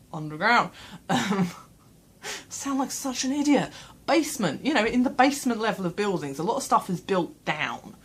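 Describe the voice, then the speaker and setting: A woman talking casually to her camera in a small room at home. Her voice sits low and has a husky, breathy grain. She rambles and pokes fun at herself as she goes. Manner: chatty, rambling, self-deprecating with laughs. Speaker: vlogger. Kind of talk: casual vlog chat.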